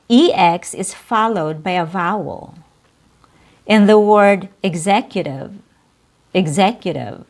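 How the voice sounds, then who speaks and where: A woman with a lowish voice gives English pronunciation lessons, her delivery slow and precise as she lengthens model sounds and single syllables.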